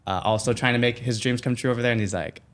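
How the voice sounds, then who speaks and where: A man guesting on a podcast, telling a personal story in a casual, animated way, full of "like" fillers and acted-out quotes. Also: medium pitch, fast talker. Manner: animated, acts out quoted voices, many "like" fillers.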